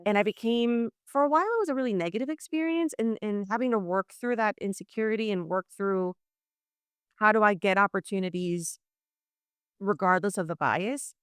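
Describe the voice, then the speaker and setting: A communication coach from New Orleans, in the US South, appears as a guest in a conversational interview over video call. Her mid-range voice is smooth and a little fast, recorded dry in studio quality. She explains leadership communication ideas and acts out quoted exchanges in lively voices.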